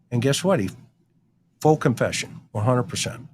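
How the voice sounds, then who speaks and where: A man's voice: mid-range voice, expressive, normal speed, pauses often. Man, former detective, middle-aged, blunt, wry, storytelling, faint hiss behind. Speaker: retired detective guest. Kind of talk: storytelling in casual chat.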